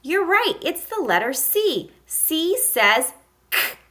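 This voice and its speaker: Woman, phonics lesson for small kids, slow pace, sounds out letters, lively pitch. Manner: slow, encouraging, sounds out letters with exaggerated emphasis. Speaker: kindergarten teacher. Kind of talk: phonics lesson for young children.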